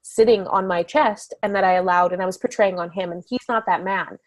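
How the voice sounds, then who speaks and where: A woman's voice: mid-range voice, fairly quick, no room sound. A woman guest on a podcast, a business coach who talks candidly and casually about her marriage, laughing often and leaning on fillers like "you know" and "like". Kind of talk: casual conversational interview.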